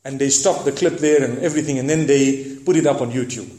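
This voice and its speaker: A man preaching, retelling a story dramatically with lively asides and moral lessons. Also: mid-range voice, fast talker, reverberant. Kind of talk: sermon storytelling.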